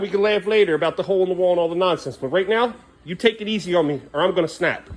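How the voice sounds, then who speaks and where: A man's voice: high-pitched, rapid-fire. A father at home scolding his sons and venting his frustration, recorded on a handheld phone with faint household noise behind him. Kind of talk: casual home vlog. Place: family home indoors.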